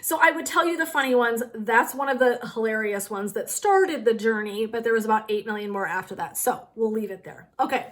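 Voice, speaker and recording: A woman's voice: on the high side, a little fast, few pauses, a bit bright. Chatty, giggly woman telling stories. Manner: giggly, chatty, addresses viewers as friends. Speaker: wellness channel host. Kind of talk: casual storytelling to viewers.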